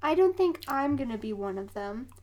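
A woman co-hosting a podcast, recounting a story in a casual, giggly way. Her voice sits notably high. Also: animated, normal speed, darkish tone. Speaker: podcast co-host. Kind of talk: casual chat.

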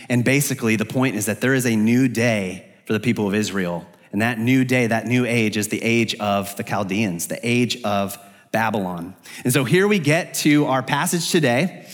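A man delivers an expository sermon from the pulpit in an earnest, searching way, his voice climbing higher whenever he voices the prophet's pleas to God. His voice sits at an ordinary middle pitch for a man. The sound carries a long reverb, as in a large church sanctuary. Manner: earnest, rises in pitch when voicing the prophet's prayers. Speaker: pastor.

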